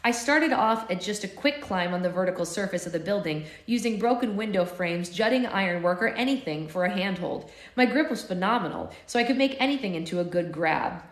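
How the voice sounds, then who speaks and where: A woman reads a novel aloud live for her book club, then drifts into animated, giggly asides. Her voice sits in a middle range. The room adds a clear echo. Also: medium pitch, brisk, hardly any pauses. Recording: echoey room.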